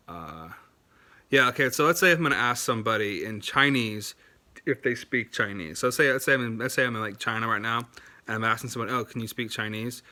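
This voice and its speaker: Guy talking through language tips off the cuff, bright voice, lots of ums and restarts. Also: on the low side. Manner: chatty, many fillers and restarts, demonstrates words aloud. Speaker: language learning video host. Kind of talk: casual explainer to camera.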